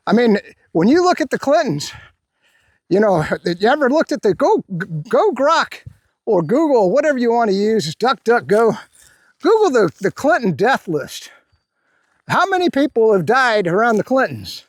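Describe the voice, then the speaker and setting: A man's voice: very high voice, no echo, studio quality. A middle-aged man hosting his own commentary channel, talking bluntly and profanely in a rambling way with lots of "uh"s, outdoors on a hike.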